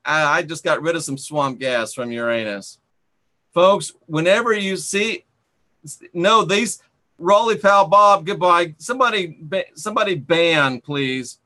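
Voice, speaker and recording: A man hosting a live chat stream, sarcastic and scolding, who reads out comments and bans rude viewers. His voice sits a bit high and comes across bright and forceful. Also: measured pace. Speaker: channel host.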